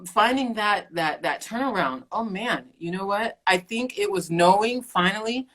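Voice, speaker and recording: A middle-aged woman, a keto coach and podcast guest, telling her story in an animated way, laughing often and acting out quotes. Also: medium pitch, normal speed. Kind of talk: casual interview chat.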